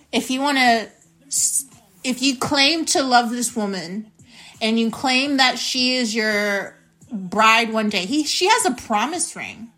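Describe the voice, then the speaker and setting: Blunt, bright-voiced young woman venting. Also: fairly high pitch. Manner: blunt and indignant, swearing freely. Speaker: podcast host. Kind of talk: storytime podcast monologue.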